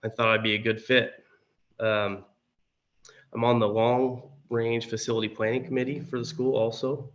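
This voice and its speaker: A hoarse man from Oregon, a candidate giving an opening statement at a forum, talking haltingly with many fillers. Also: mid-range voice, level tone. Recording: dull lo-fi audio.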